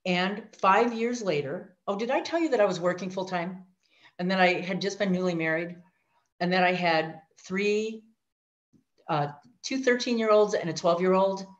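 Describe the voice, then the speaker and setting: A middle-aged woman sharing her life story, animated, acting out voices and speaking asides to her listeners. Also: lowish voice. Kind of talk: personal testimony talk. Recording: dull lo-fi audio.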